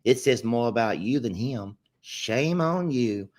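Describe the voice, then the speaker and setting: A man's voice: mid-range voice, animated, a little slow, darkish tone, lightly acted. A man putting on a prissy Southern belle. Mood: indignant. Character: prim Southern belle lady scolding viewers.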